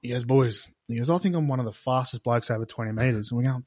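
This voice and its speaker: A man's voice: medium pitch, fast talker, a little mellow, no echo, clean studio sound. A young Australian man, a podcast guest, telling crude jokes and chatting in a rambling, casual way. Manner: rambling storyteller, crude, laughs through jokes. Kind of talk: casual banter.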